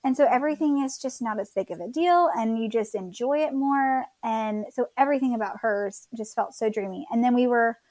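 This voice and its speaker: A woman's voice: on the high side, brisk, hardly any pauses, a little mellow, no echo. A woman in her thirties from Florida casually telling her birth story as a guest, chatty with many fillers.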